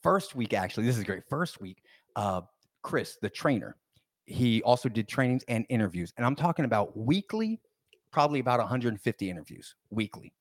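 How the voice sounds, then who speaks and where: Young man, podcast guest, rambling animated storyteller, dry close sound, mid voice. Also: medium pitch, normal speed, dry recording. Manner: animated, rambling with restarts and acted-out quotes. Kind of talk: casual storytelling.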